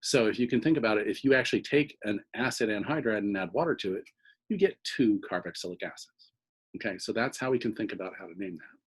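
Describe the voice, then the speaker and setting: A man's voice: lowish voice, animated, fast, husky, rough recording. A man teaching organic chemistry in a recorded lecture, explaining step by step and often checking in with "okay?".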